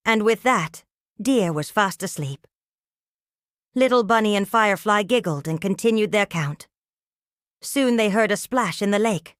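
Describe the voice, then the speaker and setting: Slow, soothing grandmotherly storyteller. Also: medium pitch, animated, no room sound, studio quality. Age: older. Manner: gentle, soothing, unhurried. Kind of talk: bedtime story reading.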